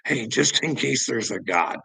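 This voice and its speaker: A man's voice: medium pitch, animated, unhurried, creaky, bright, forceful tone, breathy edge, no echo, poor audio. A man vlogging in a heated, profane casual rant, chuckling between points. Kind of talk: casual ranting monologue.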